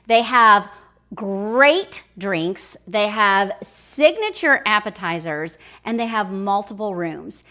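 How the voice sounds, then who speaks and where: A middle-aged woman giving personal travel advice in a chatty, enthusiastic vlog, sharing tips and memories. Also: medium pitch. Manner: warm, enthusiastic, conversational with pro tips. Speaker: travel vlogger.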